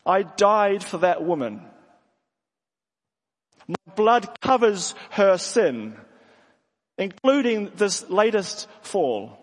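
A man voicing Jesus as a stern, protective figure speaking with calm authority. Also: sits high, very slow, pauses often, heavily acted. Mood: firm. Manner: firm, quiet, commanding. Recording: long hall reverb.

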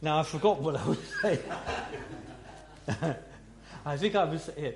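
A man giving a Bible teaching talk as a preacher, in a slow, musing way with many restarts. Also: on the high side, animated. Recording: echoey room with faint hum.

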